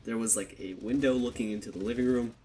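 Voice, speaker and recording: A young man with a dark, medium-pitched voice talks fast with fairly even intonation as he casually tells a personal story to camera for a storytime vlog. He swears a lot and acts out what people said, recorded on a desktop USB microphone with slight background noise.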